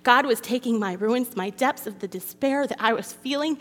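A woman's voice: a little high, normal speed, few pauses. A woman reading scripture and giving an emotional, confessional testimony to a women's gathering. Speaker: women's ministry speaker. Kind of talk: personal testimony sermon. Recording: long hall reverb.

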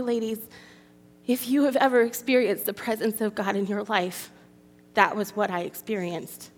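Woman speaker, confessional testimony sermon, mid pitch, long hall reverb. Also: slight background noise. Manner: emotional, confessional, reads scripture aloud. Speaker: women's ministry speaker.

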